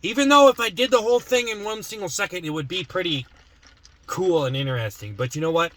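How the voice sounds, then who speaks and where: A man's voice: high voice, expressive, fast talker, fairly bright tone, no echo. A man vlogging in casual chat to the camera, rambling with lots of fillers and restarts.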